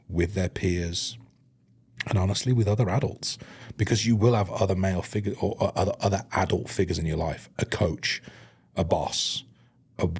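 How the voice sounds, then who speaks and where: A male podcast host with a very deep voice and a husky edge. He explains his view earnestly and stumbles over repeated words as he goes. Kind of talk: casual conversation.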